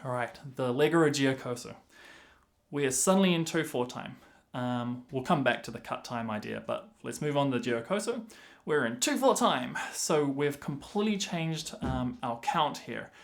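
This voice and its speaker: A man gives a clarinet lesson in a patient, step-by-step way. His voice sits at a middle pitch, and he counts beats and sings syllables aloud to show the rhythm. Clarinet phrases are heard between his explanations. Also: animated, normal speed, creaky. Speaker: clarinet teacher. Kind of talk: instructional explanation.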